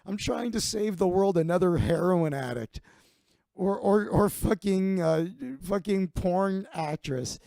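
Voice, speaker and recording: A man's voice: sits high, a little slow, gravelly, warm tone, no room sound, studio quality. A man playing a crude, rowdy bar regular who banters in a mocking way.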